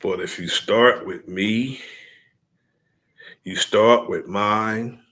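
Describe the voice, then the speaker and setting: A man addressing his followers in a deliberate, preaching cadence, repeating his key points. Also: on the low side, sharp tone.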